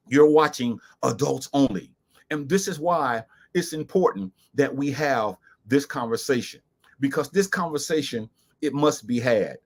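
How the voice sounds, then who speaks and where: Lively, preacherly man hosting a show. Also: on the high side. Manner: preacherly, addressing viewers as "beautiful people" and "brothers and sisters"; emphatic, repeats key lines slowly. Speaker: host of a commentary show. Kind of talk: talk-show monologue with charts.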